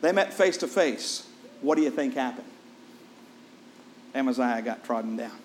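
Speaking at a normal speed, a man preaches by telling a scripture story in a lively way, addressing questions to the congregation and softening to a low voice for solemn points. The recording has a little hiss or hum.

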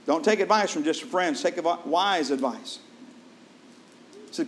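Male preacher, pitch a touch high, animated storyteller who leans on questions to the congregation. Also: normal speed, a little hiss or hum. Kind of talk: sermon.

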